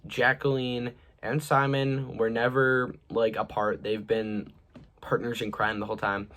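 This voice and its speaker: A young man with a fairly low voice talks through a movie in a casual review. His delivery is loose and rambling, padded with fillers, and his voice tends to fade at the ends of sentences. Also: fairly bright tone.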